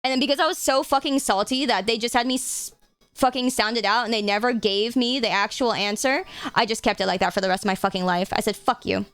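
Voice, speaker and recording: A young woman chats casually on a live stream, cursing freely and bursting into excitement. Her voice is slightly high and crisp, recorded dry and close. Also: fast, dry recording. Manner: chatty, swears freely, excitable.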